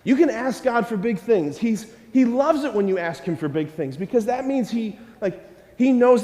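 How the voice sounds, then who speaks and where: Man, priest, lively homily, questions the congregation, fairly high voice, church reverb. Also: normal speed. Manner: animated, questions the congregation and acts out prayers. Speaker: Catholic priest.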